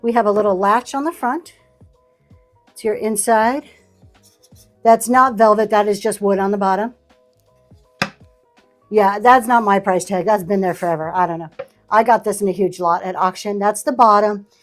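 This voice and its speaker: A woman's voice: medium pitch, fairly even intonation, normal speed, long pauses, faint music behind. A woman running a live online auction stream, chatting casually and thanking buyers by name as she shows vintage items. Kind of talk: live selling stream chat.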